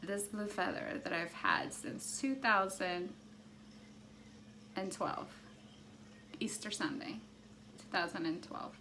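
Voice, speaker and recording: A woman vlogger telling a personal story in an animated, excitable way, full of "like". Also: mid-range voice, slow pace, long pauses, a little hiss or hum. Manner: animated, excitable, heavy use of "like".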